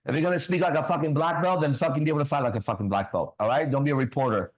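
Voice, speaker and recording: A man's voice: on the high side, very fast, rough recording. A man hosting a ministry talk show, preaching bluntly with swearing and constant rhetorical questions.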